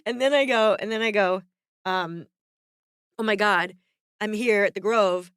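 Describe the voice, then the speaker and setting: A woman's voice: mid-range voice, measured pace, a bit bright, smooth, dry recording, clean studio sound. A woman co-hosting a casual podcast, rambling with many fillers and laughing through tears. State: tearful, on the verge of crying. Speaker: podcast co-host. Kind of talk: casual chat.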